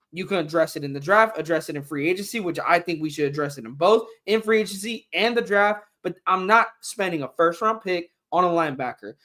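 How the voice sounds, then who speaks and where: A man's voice: sits high, bright, forceful tone. Man ranting hotly about his football team. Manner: frustrated, ranting, swears. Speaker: fan podcast host. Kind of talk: heated sports rant.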